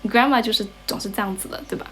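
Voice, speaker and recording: A woman's voice: mid-range voice, racing, a bit bright. Chinese-accented young woman livestreaming on her phone, chatty, mixes english and chinese, bit of noise behind her. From China. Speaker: livestream host and English teacher. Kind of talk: casual bilingual livestream chat. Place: grandmother's home, indoors.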